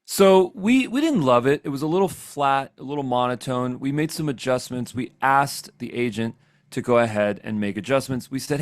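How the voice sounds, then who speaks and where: A man giving a casual, upbeat screen-share software tutorial, chatty and often checking in with "okay?". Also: mid-range voice, normal speed, dry recording. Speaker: software trainer. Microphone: desk microphone.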